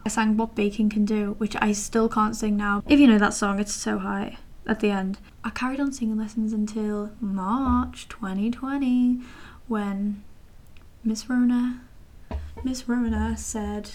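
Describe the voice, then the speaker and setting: A woman's voice: medium pitch, steady tone, measured pace, a little mellow. A nineteen-year-old woman rambling casually to camera as a vlogger, chatty and self-deprecating with many fillers and asides.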